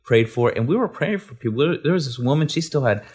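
A man's voice: medium pitch, lively intonation, quick pace, darkish tone, slightly rough. Rambling man telling a ministry story. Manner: rambling, full of restarts. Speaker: guest minister. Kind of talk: storytelling testimony.

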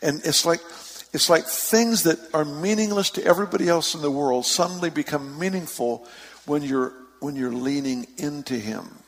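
A gravelly-voiced man preaches in a storytelling way, building to excited emphasis and laughing easily. His voice rings out with a long hall reverb. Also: a little high, moderate pace. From San Francisco Bay Area. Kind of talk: sermon.

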